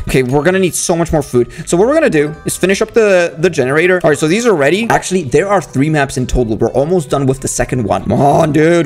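A young man talks through a game, excitable and quick to exclaim. His voice sits a little on the high side, and he keeps cheering on the characters on screen. Faint game music plays underneath. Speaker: gaming YouTuber. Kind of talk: casual gameplay commentary.

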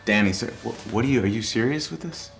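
An American actor playing an actor in London, talking in an awkward, halting way and stumbling over his words. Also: mid-range voice, expressive, vocal fry, soft background music. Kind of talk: short film acting.

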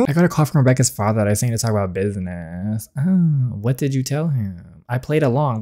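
Reading an interactive story game aloud, this woman reacts throughout, using her own voice for all the characters and spiking high and loud whenever she responds. Her delivery is animated and slightly fast, with barely any pauses.

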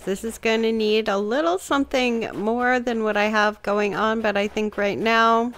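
A woman's voice: mid-range voice, a bit bright. A young woman giving casual, upbeat commentary while she plays, thinking aloud as she decorates. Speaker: gameplay video creator.

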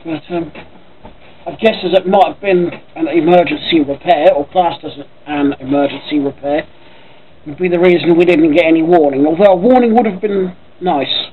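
A man's voice: fairly high pitch, normal speed, slight background noise. Chatty Norfolk man, tinny lo-fi sound. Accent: Norfolk English. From Norfolk, England. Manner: rambling, chatty, swears casually. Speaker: vlogger. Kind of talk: casual vlog chat. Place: at home by his computer.

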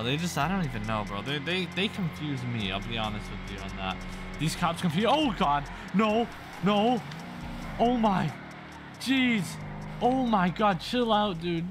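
Hyped young guy saying bro a lot. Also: sits high. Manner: hyped, says "bro" constantly, frequent exclamations. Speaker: gaming YouTuber. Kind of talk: excitable gameplay commentary. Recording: music playing underneath. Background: game sounds and music.

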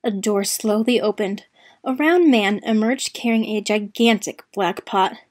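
A woman reading a children's story aloud during a church service, with an expressive, animated delivery. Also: mid-range voice, measured pace.

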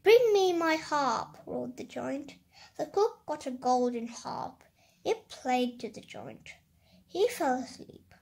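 A child slowly reading a picture book. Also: high voice, animated, gravelly, mellow. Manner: slow careful reading, halting comments. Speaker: story reader. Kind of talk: reading a picture book aloud, with page comments.

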